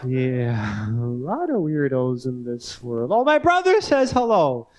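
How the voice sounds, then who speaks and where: A man in his thirties doing live stand-up on a club stage, talking in a swooping voice with odd pauses and sudden squeaks. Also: wildly swooping pitch. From northern United States. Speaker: stand-up comedian.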